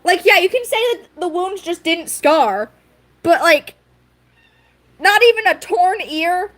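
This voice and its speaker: A woman's voice: very high voice, animated, measured pace, fairly bright tone. A woman streamer chatting casually with her viewers, giggly and rambling, with frequent fillers. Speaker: livestream host. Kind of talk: casual livestream chat.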